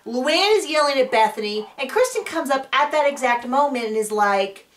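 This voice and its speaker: A woman chatting casually as she recaps a show, rambling and acting out quotes in a higher voice. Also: expressive, normal speed, hardly any pauses, fairly bright tone, far from the mic. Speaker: recap vlogger.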